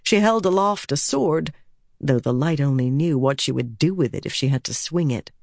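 A woman narrating a fantasy battle scene with steady storytelling delivery. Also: deep voice, normal speed, gravelly, no room sound, clean studio sound. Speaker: audiobook narrator. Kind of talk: scripted narration.

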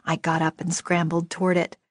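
Expressive woman narrating a novel, dry sound. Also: on the low side, fairly quick, dry recording. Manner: lively, expressive storytelling that voices characters. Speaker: audiobook narrator. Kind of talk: first-person novel narration.

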